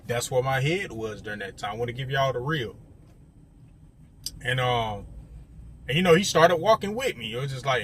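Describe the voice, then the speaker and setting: A young man speaks at a normal speed in an expressive, fairly bright mid-range voice, pausing often, with a little hiss or hum behind him. He tells his viewers a story conversationally, often addressing them directly and using lots of fillers.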